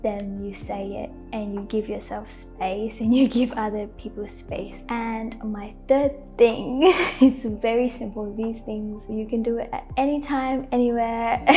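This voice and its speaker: A young woman giving gentle, casual lifestyle advice to camera, laughing often and saying "like" a lot. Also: on the high side. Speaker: lifestyle vlogger. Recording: faint background music.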